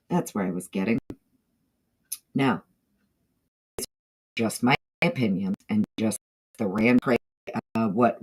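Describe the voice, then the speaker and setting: A woman's voice: rumbling low, a little mellow. A woman from the northeastern United States with a Southern drawl, hosting a casual livestream and greeting viewers by name. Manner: chatty, greets chat members by name between thoughts. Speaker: livestream host.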